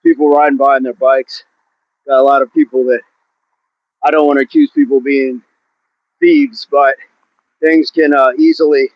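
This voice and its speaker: A fairly high-voiced man, winded from exercise, hosting a live workout outdoors and calling out to chat viewers between reps. The sound is dull, lo-fi phone audio from a handset propped against a tree. He keeps his talk casual and encouraging. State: out of breath. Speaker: fitness livestream host. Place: outdoors at the bottom of a hill under a tree.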